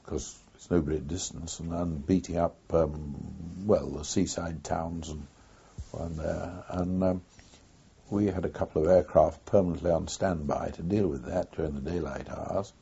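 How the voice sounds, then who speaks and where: An older man tells his story in an oral history interview, pausing often and recalling events in an unhurried way. His voice is deep, dark and mellow, and very husky. The recording is dull and lo-fi. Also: fairly even intonation. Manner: unhurried, reflective storytelling with frequent pauses. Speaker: former wartime pilot interviewee.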